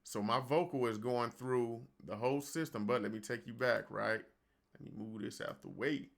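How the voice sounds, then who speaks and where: In a casual screen-recorded software tutorial from his home studio, a man with a gravelly, medium-pitched voice talks at a moderate pace. He keeps it loose and conversational, calls his viewers "y'all," and records on a studio microphone.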